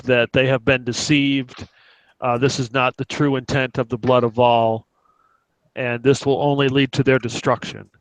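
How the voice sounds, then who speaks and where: A man's voice: mid-range voice, clean tone, rough recording. A man playing a tabletop game, earnestly making a persuasive plea. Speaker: player. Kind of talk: tabletop role-play.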